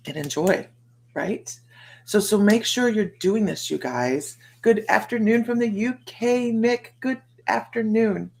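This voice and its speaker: Hosting a psychic livestream, a middle-aged American woman talks slowly at a medium pitch with vocal fry. Her casual chat rambles as she greets viewers by name.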